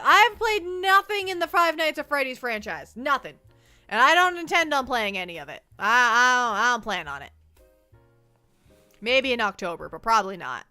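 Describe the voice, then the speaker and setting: A woman streamer talks casually to her chat, circling back and repeating her words as she rambles. Her voice sits a little high and swings up and down a lot. The sound is dry and close, with faint music under it. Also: big pitch swings, a little slow, long pauses, pushed and bright, dry recording. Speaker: livestreamer.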